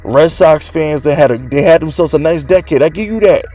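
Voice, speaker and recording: A man's voice: fairly high pitch, brisk, mellow. A man hosting a sports fan channel, ranting brashly and trash-talking rival fans. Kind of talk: casual fan rant.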